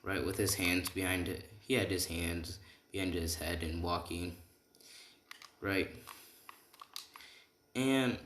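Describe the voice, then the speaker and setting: Deep-voiced man rambling through a story. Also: slight background noise. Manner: rambling, loose, with many fillers and "right?". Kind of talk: casual spoken fan-fiction storytelling. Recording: echoey room, faint keyboard typing.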